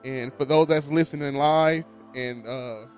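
Soft music plays behind a man of medium pitch who speaks at a measured pace. He hosts a podcast studio in Los Angeles, keeping the chat casual and rambling while regularly checking in with "you know what I'm saying."

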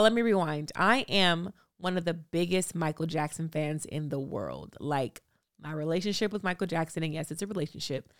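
A woman's voice: low voice, normal speed, no room sound, studio quality. A woman in her thirties from Los Angeles hosting a podcast solo, telling stories in a chatty, filler-filled way. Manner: chatty, storytelling, many fillers. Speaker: podcast host.

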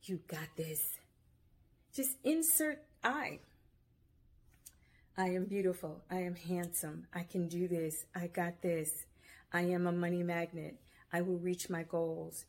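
Here a woman with a fairly low voice speaks slowly, pausing often, as she hosts her own video podcast from home. Captured by the camera mic, she gives relaxed, cheerful self-help encouragement.

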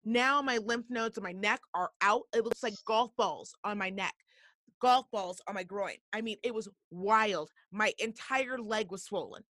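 A woman hosting a talk show, telling a story in a blunt, profane and animated way. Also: medium pitch, a little slow, no room sound, clean studio sound. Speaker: podcast host. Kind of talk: casual storytelling.

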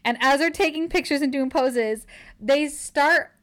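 A woman's voice: high-pitched, a little slow, fairly bright tone. A woman casually recapping a romance novel, gushing as she retells scenes with quoted dialogue. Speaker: book reviewer. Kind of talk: casual book recap chat.

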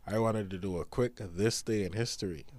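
A man's voice: on the low side, normal speed, a little mellow, no echo. A man co-hosting a casual podcast, reading news items aloud with small stumbles and a slightly nasal voice from sinus trouble. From Bahamas. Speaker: podcast co-host.

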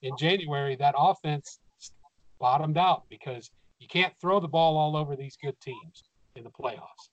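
A man co-hosting a sports podcast, talking through his picks in a measured, analytical way with some hesitations. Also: fairly high pitch, no echo, muffled recording. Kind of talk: casual sports chat.

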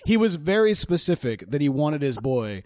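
A man hosting a podcast, telling a history story casually, jokey and animated, acting out quoted voices. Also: a little high, normal speed, dry recording, studio quality. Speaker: podcast host.

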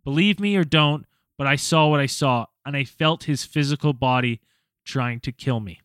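A man's voice: mid-range voice, moderate pace, a bit bright, clean tone, no echo. A young man hosting a podcast, reading a creepy listener story aloud and then chatting casually with some swearing. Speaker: podcast host.

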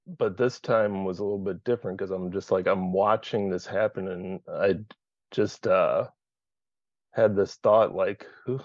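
Man in a support group, low voice, candid and profane, sharing over a dull dry video call line. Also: fairly even intonation, unhurried, no room sound. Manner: candid, swears freely, searching aloud.

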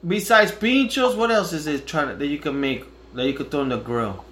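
A man's voice: fairly high pitch, a little fast, noisy background. A man co-hosting a podcast, chatting easily and swearing casually. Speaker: podcast co-host. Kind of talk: casual chat.

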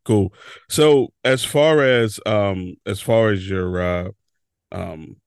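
A man with a very deep voice hosts a podcast interview, recorded dry with no room sound. He asks his questions haltingly, with plenty of fillers and restarts. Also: creaky, smooth, no room sound. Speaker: podcast host. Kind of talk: casual interview.

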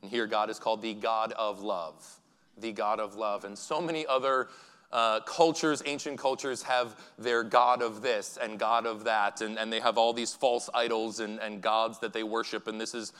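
A man's voice: on the low side, level tone, a bit bright, clear, resonant tone. Earnest preacher man in a reverberant church. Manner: earnest, halting, with repeated restarts. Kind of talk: sermon. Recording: church hall with long reverb.

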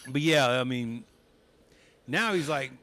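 A man's voice: mid-range voice, slow. A young man, a comedian guest on a podcast, telling stories in a casual chat and laughing often as he talks. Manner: animated, laughs often while talking.

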